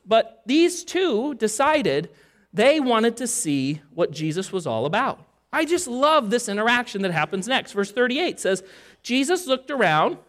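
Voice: mid-range voice, fairly bright tone. A pastor preaching a sermon and reading scripture aloud, talking conversationally and asking the listeners questions.

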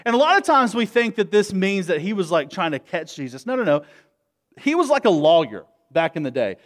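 A man's voice: high-pitched, brisk. A man preaching a sermon as pastor, telling stories conversationally and rallying the congregation. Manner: conversational, energetic, rallies the congregation. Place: church, before a congregation.

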